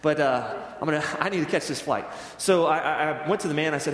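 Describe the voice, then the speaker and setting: A man's voice: a little high, quick pace, hardly any pauses. A man who is a Presbyterian minister, telling a story in a sermon and acting out the dialogue. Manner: animated storyteller, acts out dialogue. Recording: echoey church hall with long reverb.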